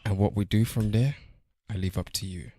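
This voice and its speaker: A man chats as a podcast co-host, his voice sitting on the low side. Now and then he slips into a slow, hushed recital of film lines. The sound is close and dry. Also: steady tone, no echo. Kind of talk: casual podcast banter.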